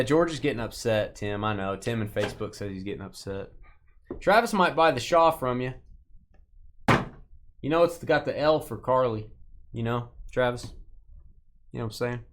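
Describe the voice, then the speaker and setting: A man's voice: mid-range voice, fairly bright tone, a little hiss or hum. A man hosting a live sports card break, reading out hits and teasing viewers by name in a joking, casual way.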